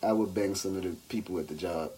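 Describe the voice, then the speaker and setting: A man co-hosting a podcast in casual banter, animated and slangy, acting out the quotes in his stories. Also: sits low, quick pace, slight background noise. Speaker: podcast co-host.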